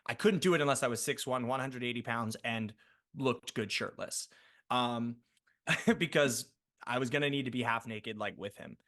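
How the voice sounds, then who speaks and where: A man, an actor and podcast guest, telling a long story in a chatty, animated way full of fillers and restarts. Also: medium pitch, normal speed. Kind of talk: casual storytelling interview.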